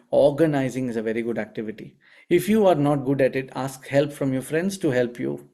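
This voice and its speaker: A man giving a spiritual healing teaching. He tells stories in an animated way and often puts rhetorical questions to his listeners. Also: medium pitch. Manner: asks the audience frequent rhetorical questions; animated storyteller. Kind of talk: teaching talk with storytelling.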